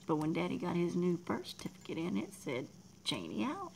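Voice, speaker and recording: A Texan livestream artist chats casually with her viewers, rambling, reading the chat aloud and laughing a lot. Her voice is on the low side with vocal fry, its pitch swooping wildly, and she talks fairly quickly. The recording is rough, with slight background noise.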